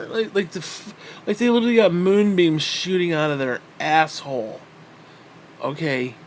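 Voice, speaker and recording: Bitter high-voiced man ranting. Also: a little hiss or hum. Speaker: podcast host. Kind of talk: angry profane rant.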